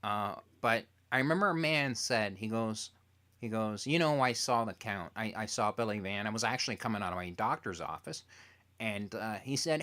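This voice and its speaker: A man interviewing a TV creator as a fan, telling stories in an animated way and acting out quotes. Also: medium pitch, moderate pace. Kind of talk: casual interview chat.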